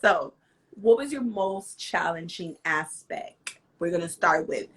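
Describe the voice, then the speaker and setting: A woman hosting a casual interview, gushing and bubbly, quick to laugh. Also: lowish voice, animated, low-quality recording. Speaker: interview host.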